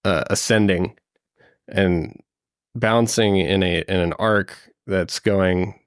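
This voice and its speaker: A man's voice: low voice, fairly even intonation, slow, clean tone, no room sound, studio quality. A man narrating as game master of a tabletop game, hesitant with many ums and uhs. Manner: hesitant, fills with um and uh.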